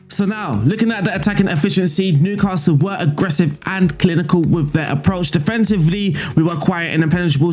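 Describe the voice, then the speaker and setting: A man commentating his own football management game and breaking down the tactics, excitable and quick to shout at missed chances. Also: a little high. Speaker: video game streamer.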